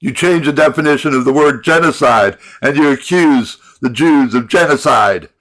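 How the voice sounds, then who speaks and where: A middle-aged man in a rambling monologue rant, halting and repeating his words, breaking into sighs and angry outbursts. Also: medium pitch, fairly bright tone. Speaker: vlogger.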